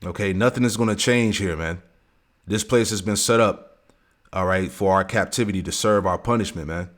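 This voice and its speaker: A man with a low-pitched voice leads a scripture lesson. He reads verses at a slow, deliberate pace and fills his commentary with casual asides like "man" and "all right". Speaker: religious teacher.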